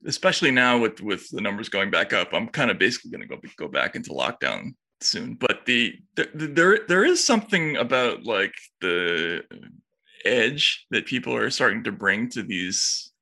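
Man from Boston, co-host, casual chat, lively pitch, halting, agreeable. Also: gravelly.

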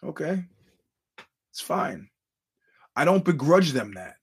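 A man's voice: fairly high pitch, big pitch swings, slow, breathy edge. A man hosting a podcast, telling a story in a rambling, casual monologue and acting out the quoted voices. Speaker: podcast host.

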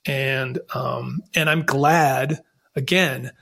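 A man's voice: mid-range voice, steady tone, extremely slow, creaky, sharp tone. A man telling his own story as a podcast guest, in an earnest, reflective way with frequent restarts. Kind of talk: candid conversational storytelling.

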